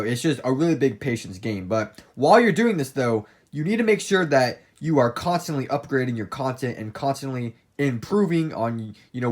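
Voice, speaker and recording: A young man talking casually to his phone camera, giving tutorial tips with lots of fillers and restarts. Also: medium pitch. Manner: rambling, many fillers and restarts. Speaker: plush video creator giving channel tips.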